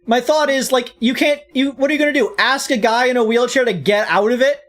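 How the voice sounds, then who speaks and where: A woman's voice: on the high side, a little fast. Rambling, jokey woman streamer. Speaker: VTuber streamer. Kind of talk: casual game playthrough chat. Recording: faint game music behind.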